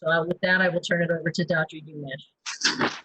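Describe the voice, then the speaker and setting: A woman, a public health dean, making measured formal remarks to a county meeting. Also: sits low, steady tone, a bit bright, slightly rough, no echo, rough recording.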